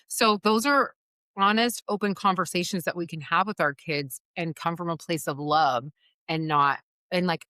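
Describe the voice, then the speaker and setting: A woman's voice: lowish voice, moderate pace, no room sound, studio quality. Earnest woman telling a parenting story. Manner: earnest, animated, peppered with "like" and "you know". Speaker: podcast host. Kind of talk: candid conversational storytelling.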